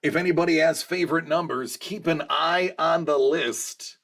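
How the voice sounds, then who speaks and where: A man hosting a collectibles live stream in casual chat, exclamatory and quick to laugh. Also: fairly high pitch. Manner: animated and exclamatory, laughs often.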